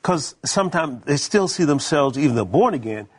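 A man's voice: on the high side, lively intonation, moderate pace, breathy edge. A man, a minister co-hosting, sharing testimony in casual preaching conversation with many stammered restarts. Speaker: minister co-host.

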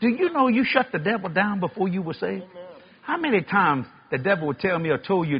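A man preaching a sermon, telling funny stories with loud, animated bursts of shouting. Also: high-pitched, quick pace, slightly rough, lo-fi sound. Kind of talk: sermon with comic storytelling.

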